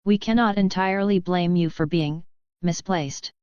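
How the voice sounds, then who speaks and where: A strict older woman professor, formal and stern, as a woman reads her in her own smooth, low voice. The audio is dry, close and a bit muffled. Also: moderate pace, a little mellow, no room sound, close to an everyday voice. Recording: muffled lo-fi recording.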